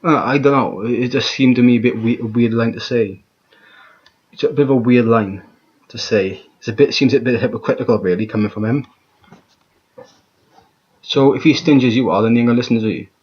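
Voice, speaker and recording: A man's voice: medium pitch, brisk, pauses often, breathy edge, highs cut off. A man reviewing a rap track in an exasperated, profane rant, often stumbling and repeating himself. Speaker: music reaction vlogger. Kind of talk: ranting reaction commentary.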